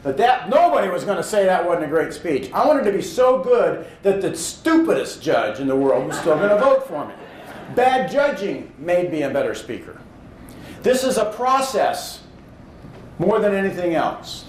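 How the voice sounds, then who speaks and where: A man's voice: high voice, very animated, moderate pace. A man in his thirties from Indiana, giving a motivational speech in a hall, telling stories and building to emphatic points. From Indiana, USA. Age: 30s. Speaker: public speaking champion. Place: hall with audience. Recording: roomy hall echo, faint noise.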